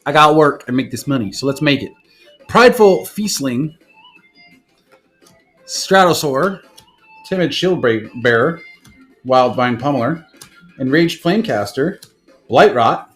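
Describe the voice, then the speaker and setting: A young man on a live stream, casually opening card packs and rattling off card names, with bursts of excitement. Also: medium pitch, measured pace, pauses often, soft background music.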